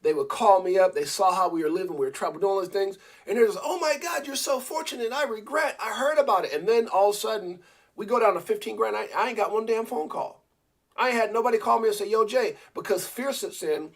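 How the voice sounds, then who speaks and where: A man hosts a casual live stream in a husky, somewhat high voice. He rambles, stops and restarts his sentences, and repeats words as he goes. He talks directly to his viewers and to a co-host. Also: quick pace. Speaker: crypto livestream host.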